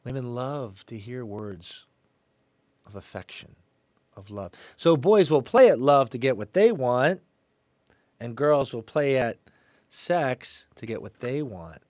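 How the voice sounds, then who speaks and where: A man's voice: medium pitch, lively intonation, slow pace, no echo. Earnest man preaching in a dry studio. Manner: earnest, emphatic, swings between loud and soft. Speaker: Catholic radio host. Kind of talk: spoken reflection, sermon-like.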